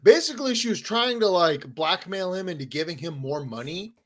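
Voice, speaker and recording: A man's voice: high-pitched, expressive, a little fast, fairly bright tone. A man co-hosting a podcast in casual chat, rambling and profane, with many filler words. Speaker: podcast co-host.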